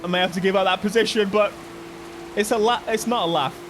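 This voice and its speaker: A man with an English accent giving excitable live commentary on a racing game, often yelping and shouting. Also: high-pitched, quick pace, background noise. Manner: excitable, bursts into yelps and shouts. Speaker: gaming YouTuber.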